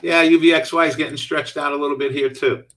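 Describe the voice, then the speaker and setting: A man's voice: a little high, fairly even intonation, fast, bright, forceful tone, recorded from a distance. A middle-aged man hosting a live trading stream, talking casually and answering viewer chat as he trades. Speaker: stock trading host.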